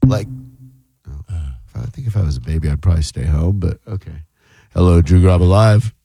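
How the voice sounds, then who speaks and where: A male radio host taking calls with a low voice and a deadpan, wisecracking manner. The sound is close and dry, with no room around it. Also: normal speed, gravelly, husky, no echo. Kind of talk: casual radio chat.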